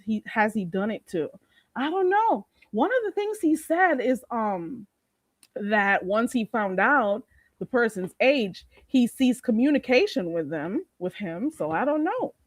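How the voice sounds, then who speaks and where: A woman hosting a casual livestream, animated, laughing often and greeting chatters on a close mic. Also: fairly high pitch, no room sound. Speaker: livestream host.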